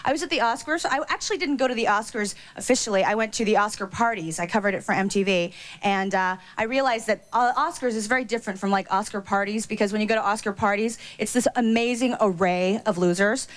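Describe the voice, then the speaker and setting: A woman doing a stand-up routine on stage, gossipy and quick with asides and fillers. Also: mid-range voice. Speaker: stand-up comedian.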